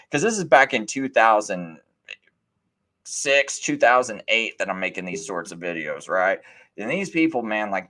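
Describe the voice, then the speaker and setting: A man's voice: mid-range voice, a bit bright. A middle-aged man hosting a live stream, talking in a rambling, casual way with many fillers and restarts, often acting out what other people said. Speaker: livestream host.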